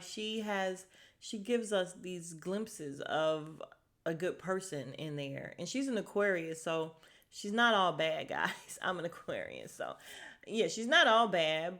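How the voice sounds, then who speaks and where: Young woman gossiping about a reality show, chatty, laughs a lot, lowish voice. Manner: chatty and gossipy, laughs often, lively pitch swings. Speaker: podcast host recapping a reality show. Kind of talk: casual chat recap.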